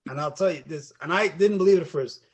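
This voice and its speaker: A man co-hosting a casual podcast, telling a story and acting out the people in it, sometimes shouting their lines. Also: a little high, fast talker, breathy edge, lo-fi sound. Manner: animated storyteller, acts out voices and shouts. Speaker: podcast co-host.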